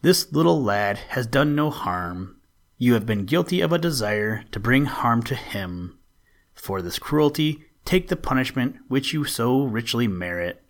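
A man voicing a kind, solemn old male saint in a read-aloud storybook, speaking with measured authority. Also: lowish voice, expressive, creaky. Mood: stern. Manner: gentle, then solemn and commanding.

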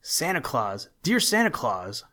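A man's voice: mid-range voice, animated, normal speed, natural voice. A man voicing a sad, anxious scarecrow in a storybook, pleading and tearful. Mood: sobbing.

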